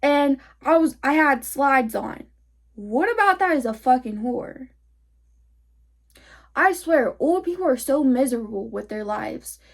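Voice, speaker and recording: A woman's voice: high-pitched, expressive, a little slow, vocal fry. A sixteen-year-old girl heatedly retelling a fight, full of swearing and "like". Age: teens. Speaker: vlogger. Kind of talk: storytime vlog.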